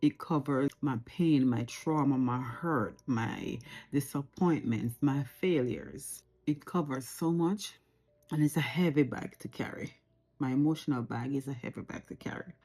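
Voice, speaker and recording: A woman's voice: very deep voice, a little slow, dark tone, slightly rough. A Jamaican woman in her forties, talking reflectively and earnestly to camera at home, repeating phrases for emphasis. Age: 40s. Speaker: vlogger. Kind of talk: unscripted personal talk to camera.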